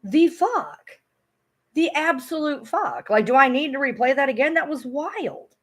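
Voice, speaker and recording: A woman chatting casually on a livestream, animated, swearing freely and often breaking into laughter as she talks back to viewers. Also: high voice, moderate pace. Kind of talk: casual live commentary.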